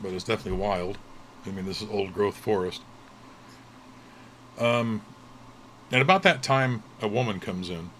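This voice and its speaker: Low-voiced man running a tabletop game. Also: a little hiss or hum. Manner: relaxed storytelling with fillers. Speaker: game master. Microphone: livestream mic.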